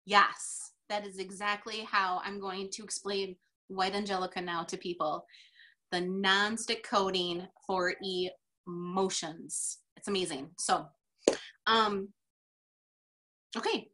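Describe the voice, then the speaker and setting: A teary-eyed woman sharing heartfelt personal experience on a video call, pleading and pausing with frequent ums. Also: medium pitch, fairly even intonation, bright, forceful tone. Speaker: team member presenting convention notes.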